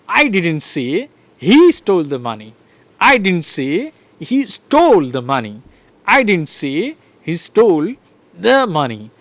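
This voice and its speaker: A man giving a recorded lecture to trainee teachers, earnest and instructive, often pausing on fillers and restarting. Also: medium pitch. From India.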